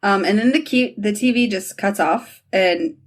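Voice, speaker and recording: A woman's voice: medium pitch, normal speed. A woman podcast host in casual chat, recapping TV scenes and acting out the characters' lines with frequent laughter.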